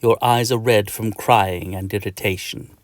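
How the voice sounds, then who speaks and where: A man narrating a children's audiobook in the second person, telling the story in a lively way. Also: fairly low pitch, unhurried, no room sound. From Australia. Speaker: author and narrator.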